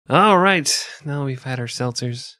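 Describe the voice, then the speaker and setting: A man's voice: mid-range voice, dry recording, studio quality. A man co-hosting a comedy history podcast, joking and swearing in casual chat. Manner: profane, joking, animated. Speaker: podcast co-host.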